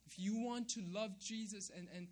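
A man's voice: high voice, fairly even intonation, normal speed, a little mellow. A man preaching a sermon, emphatic, repeating key phrases and checking in with "right?". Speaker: pastor.

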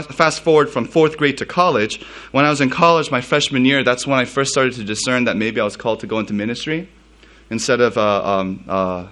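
A man's voice: medium pitch, a bit bright. A man from the United States, a pastor giving a sermon in a casual storytelling way, full of fillers and laughs.

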